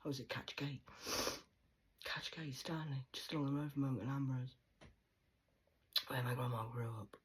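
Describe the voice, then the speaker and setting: A woman's voice: very deep voice, fairly even intonation, moderate pace, long pauses, a bit bright, a little hiss or hum. A woman in her forties telling a personal story in an agitated, profane monologue, often dropping to a whisper. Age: 40s.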